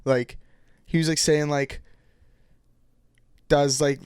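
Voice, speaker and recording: A man's voice: fairly high pitch, level tone, slow, darkish tone, clean tone, no room sound, studio quality. A young man co-hosting a casual podcast, telling stories in a rambling way with lots of "like". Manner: rambling, full of likes. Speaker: podcast co-host. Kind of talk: casual chat.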